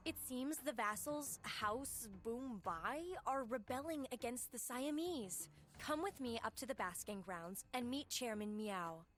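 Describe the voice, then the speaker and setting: A woman's voice: a little high, unhurried, fairly bright tone. An actress voicing an eager young female genie sidekick who fawns over her master, over faint game music. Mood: chirpy. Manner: chirpy, fawning, calls player master.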